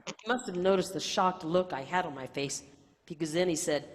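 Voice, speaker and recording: A woman from South Texas giving a contest speech as a playful, animated storyteller over a video call. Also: sits low, normal speed, in a large hall. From South Texas, USA. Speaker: contest speaker. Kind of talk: competition speech.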